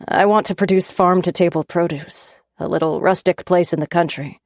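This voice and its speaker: A woman reading the lines of an earnest young male chef in a low, soft, confiding voice. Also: fairly even intonation, moderate pace, no room sound, studio quality, lightly acted. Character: man, young restaurant owner, charming and earnest.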